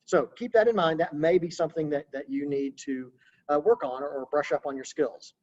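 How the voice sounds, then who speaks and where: A man coaching real estate agents in a relaxed, conversational webinar talk over a video call. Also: on the high side, a little fast, lo-fi sound. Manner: casual, conversational, practical coaching.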